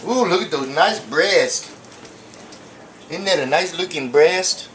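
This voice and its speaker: A high-voiced man takes it slowly and expressively as he hosts his casual cooking show, rambling and joking with plenty of fillers and asides. The distant mic in his echoey kitchen picks up clinking pots, dishes and cutlery along with slight background noise.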